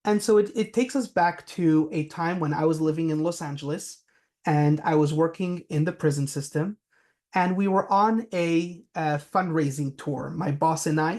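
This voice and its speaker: A man's voice: fairly high pitch, a little mellow. A man giving a business talk, telling anecdotes with frequent fillers. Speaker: presenter.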